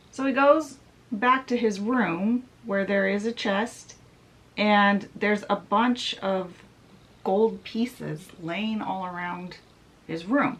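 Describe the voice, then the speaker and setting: Casting: laid-back woman vlogger retelling an old tale, slow and chatty. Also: medium pitch, low-quality recording. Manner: chatty, laid-back, asides while doing makeup. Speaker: book vlogger. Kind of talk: casual fairy-tale retelling.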